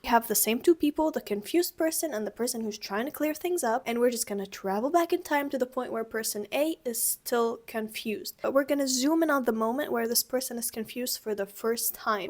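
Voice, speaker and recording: A woman's voice: on the high side, a little mellow. A young woman teaching everyday sounds in a casual video lesson, chatty and acting out each sound with exaggerated tones. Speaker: language teacher.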